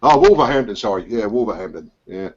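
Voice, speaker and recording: Hosting a casual biker hangout on a video call, this Englishman with a Suffolk accent talks at medium pitch and a fairly quick pace. He rambles chattily, leaning on fillers and restarts, heard through dull lo-fi call audio.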